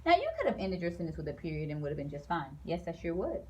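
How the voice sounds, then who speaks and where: A woman teaching grammar to a class, and her pitch swings widely as she plays with the examples in a sing-song way. A faint hiss sits under the recording. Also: very fast. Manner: animated, sing-song, playful voices for example sentences.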